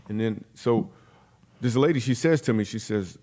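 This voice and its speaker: Fast-talking man telling comic stories. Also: lowish voice. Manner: animated storyteller acting out quoted voices. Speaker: guest comedian. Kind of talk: storytelling in a podcast interview.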